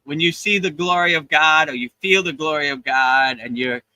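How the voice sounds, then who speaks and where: Bright-voiced earnest spiritual host. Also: male voice, fairly high pitch, moderate pace, no room sound, rough recording. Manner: earnest, emotional, repeats words when starting sentences. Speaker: yoga teacher and livestream host. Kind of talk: casual spiritual chat. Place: beach in Thailand.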